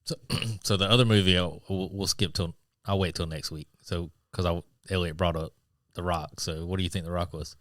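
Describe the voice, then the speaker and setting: A man co-hosting a casual podcast, steady and low-key as he moves the talk along. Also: brisk, no echo, clean studio sound. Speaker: podcast co-host running the segment. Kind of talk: casual chat.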